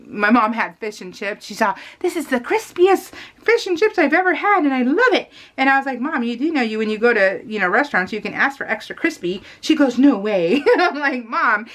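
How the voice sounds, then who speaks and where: Woman, middle-aged, chatty home vlog voice-over, rambling, laughs a lot, fairly high voice. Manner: rambling and animated, laughing often, lots of fillers. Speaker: scrapbooking vlogger.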